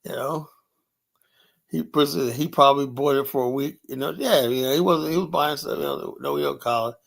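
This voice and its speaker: A grumpy man rants on a livestream with a gravelly voice. His speech is profane and rambling, and his pitch sits in a plain middle range. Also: lively intonation, normal speed, fairly bright tone. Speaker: livestream host. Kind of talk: casual ranting livestream talk.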